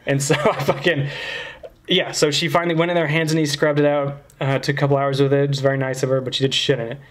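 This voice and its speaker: A man's voice: on the high side, flat delivery, fast talker. A man telling a long crude anecdote on a casual podcast, rambling and peppered with "like". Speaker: podcast host telling a story.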